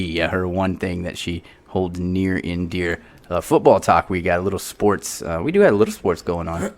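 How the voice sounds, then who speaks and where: Low-voiced joking podcast host. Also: male voice. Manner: joking, rambling sports banter. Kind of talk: casual chat.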